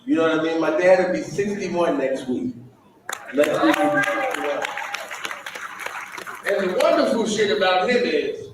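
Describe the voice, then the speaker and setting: A man performing a stand-up comedy set on stage, swearing, laughing and shouting his punchlines. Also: high-pitched, very noisy. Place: live comedy venue on stage. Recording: echoey venue mic from far off with loud crowd ambience. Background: loud audience ambience.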